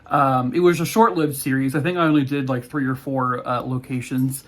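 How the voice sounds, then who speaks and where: A man's voice: medium pitch, fairly even intonation, moderate pace, a bit bright. A man who makes true crime videos, talking in a joking, irreverent way, with swearing and asides. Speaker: true crime TikTok creator. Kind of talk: casual chat and comedic history narration.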